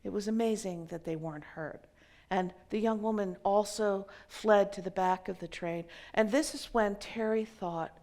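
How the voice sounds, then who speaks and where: A woman minister telling a story in a sermon, measured, sometimes dropping to a hushed near-whisper. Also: medium pitch.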